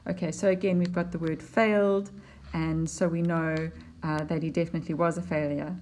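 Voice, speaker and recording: Woman, lowish voice, teacher talking through a poem over slides, patient and explanatory. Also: level tone, darkish tone. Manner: explanatory, unhurried, with fillers and restarts. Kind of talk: poetry lesson over slides.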